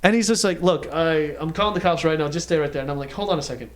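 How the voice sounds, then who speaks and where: Rapid-fire and fairly high-pitched, this man co-hosts a laid-back podcast and spins a story packed with profanity. He animatedly performs the quoted lines himself.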